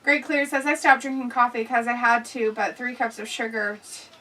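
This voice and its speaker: A woman's voice: a little high, little pitch movement, moderate pace, bright, forceful tone, distant mic, low-quality recording. A woman hosting a casual live watch-along, chatting, laughing and reading viewer comments aloud. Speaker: livestream host reading chat.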